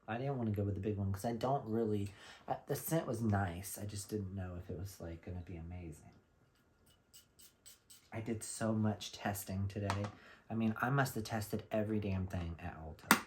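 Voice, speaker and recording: A man from Florida telling a lively, gossipy shopping story in a casual vlog, with blunt slang. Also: on the low side, moderate pace, a little hiss or hum. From Florida, USA. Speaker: vlogger.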